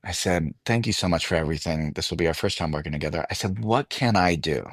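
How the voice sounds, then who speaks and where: A man, an actor guest, telling an animated anecdote in a casual interview and voicing the people in it. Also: low-pitched, fast talker, breathy edge, dry recording. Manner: animated anecdote telling, voices others in quotes.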